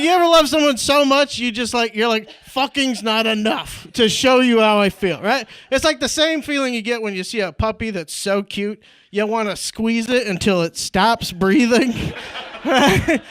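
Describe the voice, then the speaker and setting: A young man from Indiana works through a stand-up set on a club stage. His voice sits very high and comes across clean and resonant, picked up dry and close on a handheld mic. He leans on "like" and "right?" and chuckles at his own lines. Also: moderate pace, a bit bright, no echo. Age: young adult. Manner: fills with "like" and "right?", laughs at own jokes. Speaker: stand-up comedian.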